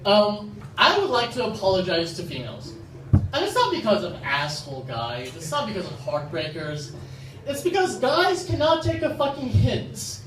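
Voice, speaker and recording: A young man does stand-up at an open mic with an animated, self-deprecating delivery and a very lively pitch. He sounds far from the mic in a reverberant room. The recording is noisy, and the audience laughs in the background. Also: normal speed. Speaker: stand-up comedian. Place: open-mic comedy venue. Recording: roomy, distant, noisy live-venue recording.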